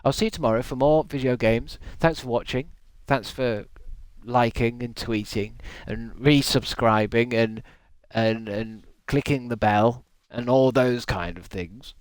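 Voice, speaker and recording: A man's voice: medium pitch, unhurried, few pauses, no room sound. A male game streamer chatting at his desk at home, rambling with self-mocking jokey asides as he signs off. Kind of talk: casual stream sign-off chat.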